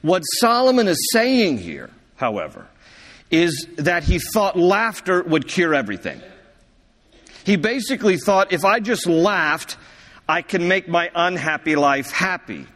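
A man preaching a sermon, telling a chatty story and quick to laugh. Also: high-pitched, sing-song, fairly bright tone. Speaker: pastor. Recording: long hall reverb.

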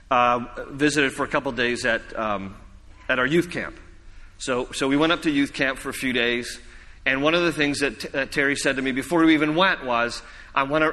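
Bright-voiced male pastor preaching in a hall. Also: fairly high pitch. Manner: conversational, repetitive preaching with humor. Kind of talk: sermon. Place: church. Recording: reverberant church hall.

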